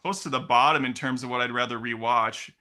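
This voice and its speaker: A man hosting a casual movie podcast, chatty, with quick asides and acted-out quotes. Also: medium pitch, fairly even intonation, sharp tone. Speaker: podcast host.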